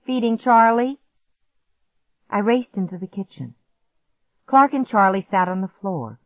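A woman's voice: medium pitch, sing-song, normal speed, dry recording. A woman narrating a spooky first-person story in a tense, suspenseful way. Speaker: audiobook narrator. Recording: dry, dull lo-fi recording.

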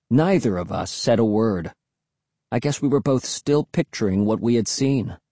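A man narrates a first-person audiobook with measured, even storytelling. His husky voice sits at a middle pitch. The recording is dry and close, with no room around it. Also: no echo.

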